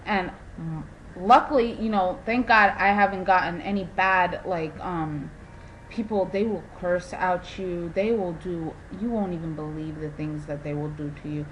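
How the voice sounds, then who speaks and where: A young woman venting in a casual vlog, telling animated stories with lots of "like" and an exasperated tone. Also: lowish voice, measured pace, a little hiss or hum, rough recording. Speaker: vlogger.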